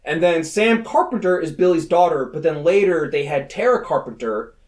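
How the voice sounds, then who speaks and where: A man with a notably high voice chats on a casual podcast, rattling off a movie plot with plenty of swearing. He jumps into shrill impressions of the characters and talks with lively, excitable energy. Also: moderate pace. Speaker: podcast co-host.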